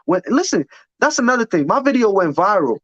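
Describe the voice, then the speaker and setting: A man's voice: high-pitched, big pitch swings, a little fast, fairly bright tone, no echo. A man telling his story in casual chat, blunt, profane and heated. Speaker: podcast guest. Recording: dull, dry lo-fi sound.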